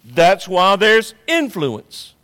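A man's voice: high voice, wildly swooping pitch, drawn-out words, pushed and bright, long reverb tail. A man preaching a sermon as pastor, emphatic and repetitive, swelling and dropping in intensity.

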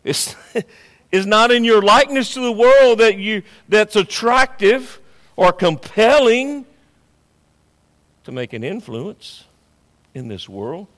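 A man's voice: high voice, very animated, takes it slowly, long pauses, a bit bright, big-room sound. A man preaching a sermon as pastor, emphatic and repetitive, swelling and dropping in intensity.

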